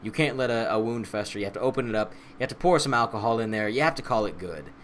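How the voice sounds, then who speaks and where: A man hosting a casual podcast chat, asking questions in a playful, animated way. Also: lowish voice, fast talker, slight background noise. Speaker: podcast host.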